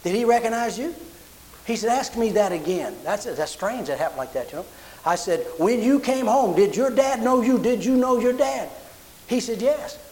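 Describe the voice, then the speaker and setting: A man's voice: high-pitched, normal speed, poor audio. A man preaching a sermon, telling personal stories and acting out the voices in them. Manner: animated storyteller acting out quotes. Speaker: pastor.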